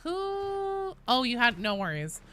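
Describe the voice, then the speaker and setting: A young woman with a bright, forward, nasal voice, chatting casually with her stream audience. Her pitch swings widely as she reads chat and reacts between rounds. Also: big pitch swings, slow pace, slight background noise.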